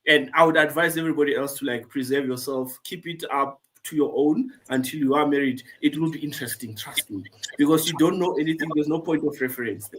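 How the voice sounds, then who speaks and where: A man's voice: fairly high pitch, brisk, a bit bright, slight background noise. A man speaking frankly and earnestly as a guest on a discussion panel, giving advice. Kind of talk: candid personal panel talk.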